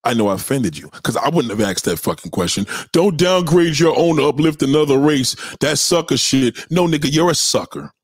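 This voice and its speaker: Profane, lively-voiced man ranting on a livestream. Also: fairly high pitch, fairly quick, few pauses, husky, no room sound, clean studio sound. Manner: profane, confrontational, shout-outs to viewers. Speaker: livestream host. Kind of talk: casual livestream rant.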